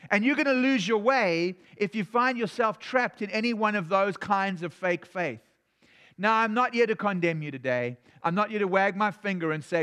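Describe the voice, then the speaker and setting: A pastor from South Africa with a South African accent preaches in a relaxed, conversational way. His voice sits high for a man, and he often trips over and restarts his sentences as he works through a point. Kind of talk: sermon.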